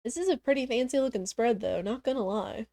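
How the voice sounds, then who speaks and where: A woman's voice: on the high side, fairly quick, creaky, mellow, slight background noise. A woman streamer chatting casually through a game playthrough, musing aloud as she plays. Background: game music.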